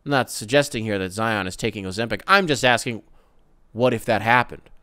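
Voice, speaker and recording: A man hosting a casual solo sports podcast, ranting in a profane, animated way with mocking asides. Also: on the low side, a little fast, clean tone, dry recording, clean studio sound. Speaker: podcast host.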